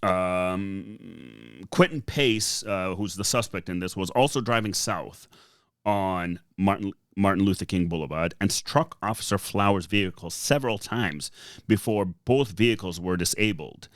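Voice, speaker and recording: A man with a thick Boston accent talks casually as a podcast co-host, stumbling through fillers and restarts. His voice sits on the low side and sounds dry and close, with no room around it. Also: a bit bright, dry recording. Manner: halting, many fillers and restarts.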